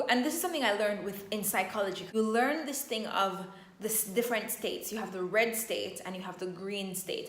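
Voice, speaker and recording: A woman's voice: mid-range voice, echoey room. A woman talking in a motivational vlog as a self-empowerment coach, stretching out her affirmations with emphasis.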